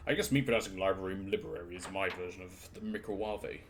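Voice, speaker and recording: A man's voice: deep voice, quick pace, slight background noise. A man streaming a video game, chatting casually to himself as he plays, swearing, laughing and trailing off, shivering a little from the cold. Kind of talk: casual let's-play commentary.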